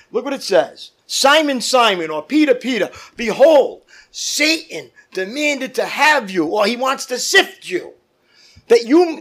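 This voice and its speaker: A man's voice: sits high, a bit bright. A man preaching a fervent sermon as pastor, calling out to his congregation. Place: church.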